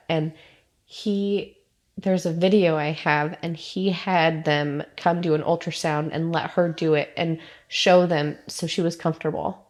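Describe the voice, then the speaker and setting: A woman's voice: low-pitched, steady tone, unhurried, a little mellow. A woman in her thirties, a mother, giving heartfelt, proud interview answers about her family. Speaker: mother of guests.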